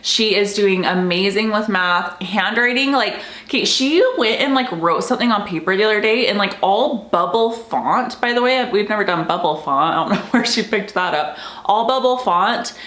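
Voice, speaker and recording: A woman's voice: mid-range voice, a little fast, few pauses, a bit bright, roomy sound. A young woman and homeschooling mom vlogging in a casual chat, gushing and emotional, saying "like" constantly. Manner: chatty, heavy use of "like", emotional and gushing.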